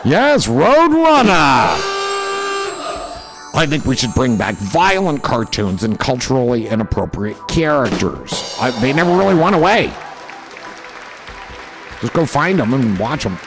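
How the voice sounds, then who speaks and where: A man's voice: mid-range voice, sing-song, moderate pace, music in the background, a crowd in the background. A man hosting a livestream, casually reading viewer comments aloud and riffing on them with profane jokes. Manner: joking and profane, riffing on chat messages. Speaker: livestream host.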